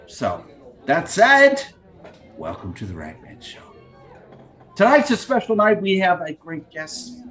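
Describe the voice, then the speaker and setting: Lively middle-aged podcast host, crude. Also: male voice, sits high. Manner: crude, joking, scatterbrained. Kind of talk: casual rambling monologue. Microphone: video call.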